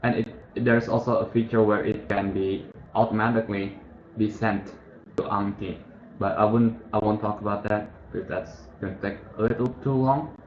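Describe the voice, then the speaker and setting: A man's voice: fairly low pitch, fairly even intonation, moderate pace. Casual man explaining a study app. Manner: rambling, self-correcting, thinking aloud. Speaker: tutorial host. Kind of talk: casual screen-share tutorial. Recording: muffled, echoey room with faint hiss.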